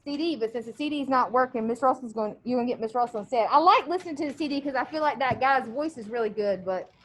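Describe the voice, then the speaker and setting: A woman's voice: high voice, quick pace, a little hiss or hum. A woman teacher reading a novel aloud to her class, stopping often to quiz the students on words and events. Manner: animated, quizzing students between passages.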